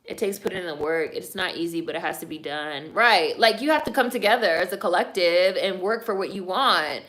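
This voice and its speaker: Fairly quick and a bit bright, this woman's lowish voice reads out comments from her live-stream viewers. Her talk is loose, blunt, and opinionated, packed with swearing and fillers such as "like" and "y'all."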